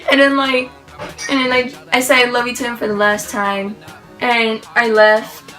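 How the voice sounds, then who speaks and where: Bright, excitable young woman vlogger. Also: fairly high pitch, moderate pace, soft background music, rough recording. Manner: excited, rambling, gushing, heavy use of "like". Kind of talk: casual storytelling to camera.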